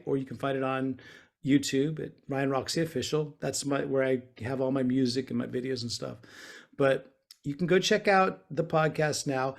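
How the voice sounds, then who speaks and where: A man guesting on a podcast over a video call from a small bedroom, talking in a rambling, easygoing way with lots of fillers and restarts. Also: on the high side. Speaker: guest guitarist.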